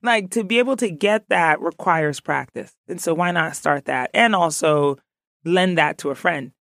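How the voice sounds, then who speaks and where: A woman from Ghana, a podcast guest, chatting in an animated, playful way and laughing often. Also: on the low side, moderate pace, gravelly, no echo, studio quality. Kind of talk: casual interview chat.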